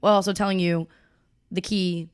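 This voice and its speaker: A woman's voice: on the low side, fairly even intonation, brisk, clear, resonant tone. Upbeat young woman podcast co-host. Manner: upbeat, chatty, casual slang. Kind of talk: casual chat.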